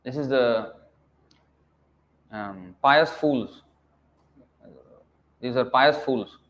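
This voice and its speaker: A man's voice: medium pitch, very slow, fairly bright tone. A man giving a scripture lecture as a preacher, emphatic and scolding, firing rhetorical questions and dropping to a mutter at phrase ends.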